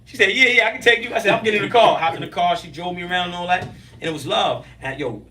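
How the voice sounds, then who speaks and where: This fast-talking podcast guest has a high, bright voice and sits a little back from the microphone, so he sounds distant. Spinning stories in a casual interview, he's animated and emphatic, full of street slang, his voice often spiking in excited bursts.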